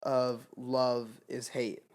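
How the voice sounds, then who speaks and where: A man's voice: mid-range voice, completely flat delivery, extremely slow, darkish tone. A young man co-hosting a podcast, talking earnestly and reflectively about love and pride in casual conversation. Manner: earnest, reflective, faith-based talk. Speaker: podcast co-host. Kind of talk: casual chat.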